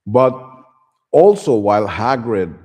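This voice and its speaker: Deep, mellow man casually recapping a book. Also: big pitch swings, slow. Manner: loose, slangy, chuckling asides. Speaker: YouTube host retelling a book.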